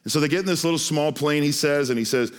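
A man's voice: a little high, quick pace. A male preacher telling a story in a sermon, earnest and often repeating words as he starts a phrase.

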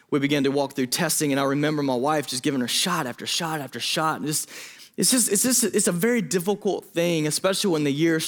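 A man preaching a sermon as a pastor, earnest and openly emotional, pleading with his listeners and often restarting his sentences. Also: fairly high pitch.

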